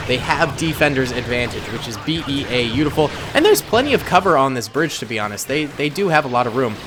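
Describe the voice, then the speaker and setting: A man with a Boston-area accent giving excitable, jokey, rambling commentary over a battle simulation game. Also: medium pitch, noisy background. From Massachusetts, USA. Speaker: gaming YouTuber narrating a battle simulation. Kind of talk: casual gameplay commentary.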